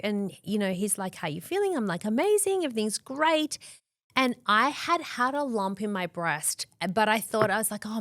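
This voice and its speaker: An Australian woman in her forties appears as a podcast guest, telling her story candidly with a medium-pitched voice in clean studio sound with no room echo. She's animated, says "like" often, and acts out the dialogue she quotes.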